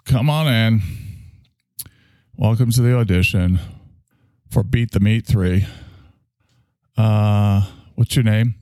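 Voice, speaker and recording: A man doing a brisk, raised-voice casting director. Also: fairly low pitch, warm tone, dry recording, clean studio sound, pitched above the performer's own voice.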